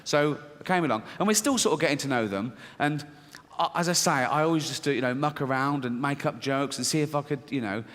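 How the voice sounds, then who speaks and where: A man's voice: medium pitch, a little fast, hardly any pauses, fairly bright tone. A British man doing stand-up, blunt and brash, laughing at his own jokes and a little out of breath. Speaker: stand-up comedian. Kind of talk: stand-up routine. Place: large theatre stage. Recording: stage mic with hall reverb.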